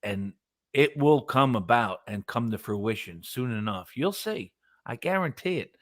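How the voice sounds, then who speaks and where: A man's voice: mid-range voice, expressive, a little slow, no room sound, clean studio sound. A man co-hosting a live talk stream, ranting in a blunt, profane and preachy way. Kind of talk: casual ranting chat.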